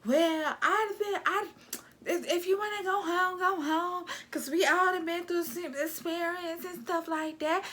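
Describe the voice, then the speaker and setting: A woman imitating a whiny, petty young female housemate who complains in a shrill, self-centered way. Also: steady tone, measured pace, a bit bright, slight background noise.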